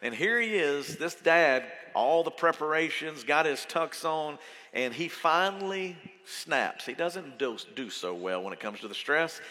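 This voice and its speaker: A man preaching a sermon to his church, conversational and animated as he tells stories. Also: on the high side, unhurried. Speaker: pastor. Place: church auditorium. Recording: reverberant hall.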